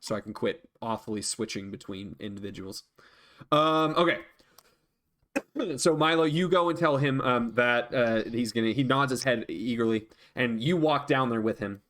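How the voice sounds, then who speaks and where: A man serving as dungeon master for a tabletop game, talking in a loose, relaxed way. He fills his narration with ums and uhs and breaks into laughter often. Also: medium pitch, normal speed.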